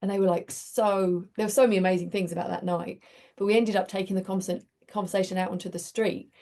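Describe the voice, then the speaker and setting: A woman's voice: medium pitch, steady tone, quick pace, warm tone. A woman hosting a community group, talking in a chatty, reflective way and telling stories with many restarts. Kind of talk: casual reflective talk.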